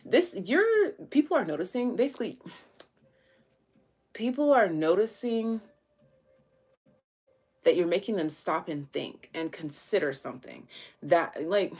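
A tarot reader with a lowish, darkish voice and a breathy edge gives her viewers a casual, chatty reading, thinking aloud with lots of slang and fillers.

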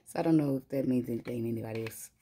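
Gravelly, mellow-voiced woman reading tarot. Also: extremely low pitch, racing. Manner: chatty, laughs often, talks to viewers as "y'all". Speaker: tarot reader. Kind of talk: casual spiritual reading.

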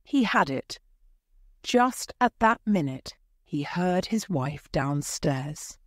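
A woman reads a story aloud in a clear, deliberate way for English learners. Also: deep voice, expressive, dry recording, studio quality.

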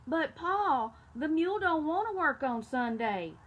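A woman voicing an excited young farm boy from a storybook, shouting in a high, breathless voice. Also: measured pace, muffled recording.

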